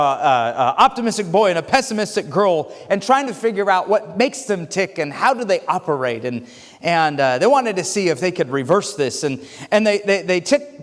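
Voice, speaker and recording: Animated male pastor in a reverberant church. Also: fairly high pitch. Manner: storytelling with jokes, animated swings from loud to quiet; frequent restarts and stammered fillers. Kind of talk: sermon. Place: church sanctuary. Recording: long reverb of a church hall.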